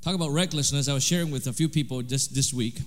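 A man preaching a sermon, animated, swinging between loud emphasis and quiet asides. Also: mid-range voice, fast talker, big-room sound. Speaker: pastor.

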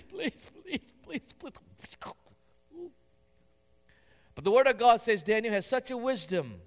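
A male pastor preaching with a fairly high voice, his words ringing out with a long hall echo. He is animated, acting out what people say, and slows right down when he reads scripture aloud. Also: smooth. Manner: animated, acts out quotes in raised voice; slow emphatic reading of scripture. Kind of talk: sermon.

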